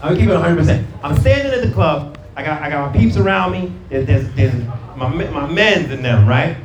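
A man's voice: a little high, lively intonation, brisk, noisy background. Middle-aged male pastor preaching, roomy. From Brooklyn. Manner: street-slang storytelling, repeats words, calls out to audience. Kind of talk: conversational sermon. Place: church hall with live audience. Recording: roomy, from a distance, crowd audible.

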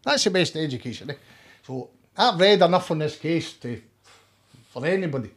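A man's voice: fairly high pitch, lively intonation, normal speed, husky. A middle-aged man with a Scottish accent, talking as a guest in a heated, emphatic, sweary way with many restarts. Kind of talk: casual interview chat.

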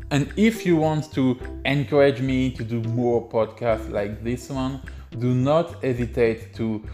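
Slow-talking man teaching his language. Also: mid-range voice, a little mellow. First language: French. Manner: explanatory, hesitant with frequent uh and um. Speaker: French teacher, podcast host. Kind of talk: podcast language lesson.

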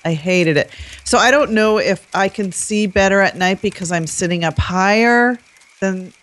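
A woman talking casually as a guest co-host on a podcast about her car, in an unhurried, chatty way. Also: mid-range voice, a bit bright, slight background noise.

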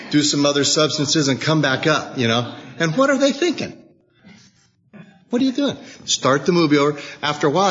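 A man's voice: medium pitch, fairly bright tone. A man sharing his story at a recovery meeting, rambling and self-deprecating, acting out bits of dialogue. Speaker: AA meeting speaker. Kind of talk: personal recovery share. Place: meeting hall. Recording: dull lo-fi tape in a reverberant hall.

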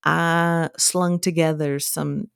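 A woman co-hosting a casual chat podcast, telling animated stories. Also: slow pace, vocal fry, clean tone, dry recording, studio quality. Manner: animated storyteller, drawling, quotes people in high voices. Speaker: podcast co-host.

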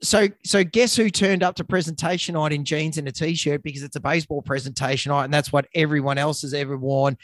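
An Australian man with a slightly raised pitch rambles through a joking anecdote as a podcast co-host. His voice is close and dry, with no room sound around it, and comes through a remote call recording. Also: steady tone, fairly quick, few pauses, dry recording. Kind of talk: casual chat.

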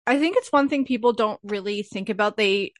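A woman's voice: mid-range voice, a little fast, no echo. Woman podcast host, dry close sound. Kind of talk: casual interview chat.

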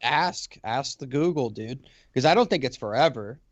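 A man co-hosting a casual podcast, swearing freely and talking in animated runs. His voice sits at an ordinary middle pitch. The sound is dry and a little dull. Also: moderate pace, no echo. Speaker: podcast co-host. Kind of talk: casual chat. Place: lives in Alabama.

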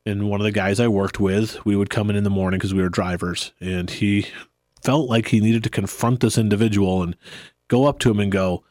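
A man hosting a podcast in a relaxed, rambling chat, often laughing. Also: fairly low pitch, fairly quick, no room sound, studio quality. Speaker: podcast host. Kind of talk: casual chat.

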